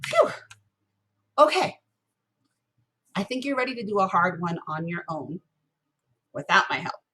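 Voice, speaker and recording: A woman music teacher giving a recorded lesson, patiently encouraging students and chanting rhythm syllables slowly. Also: lowish voice, sing-song, pushed and bright, slightly rough.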